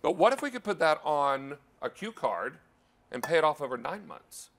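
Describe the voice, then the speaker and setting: A man's voice: very animated, moderate pace, vocal fry, fairly bright tone, a little hiss or hum. Upbeat male TV shopping host. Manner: upbeat, chatty, emphatic sales pitch. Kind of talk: live TV shopping presentation. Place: TV studio kitchen.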